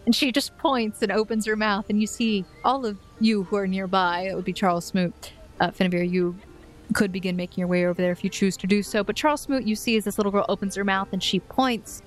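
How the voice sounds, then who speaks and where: A woman narrating a tabletop role-playing game as game master, descriptive and unhurried. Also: medium pitch, steady tone, faint music behind. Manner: descriptive, unhurried, with soft laughs.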